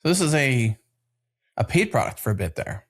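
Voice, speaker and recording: A man's voice: medium pitch, big pitch swings, normal speed. A man in a mid-range voice hosting a tech podcast. He keeps the conversation casual and asks short, curious follow-up questions. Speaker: podcast host. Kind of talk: casual interview chat.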